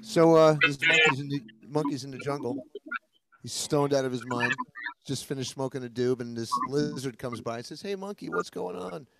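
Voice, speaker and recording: A man's voice: mid-range voice, fairly even intonation, normal speed, a crowd in the background. A man telling a rambling joke at a virtual open mic, loose and laughing as he goes. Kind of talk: casual joke telling on a video call. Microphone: video call mic. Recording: noisy video call audio.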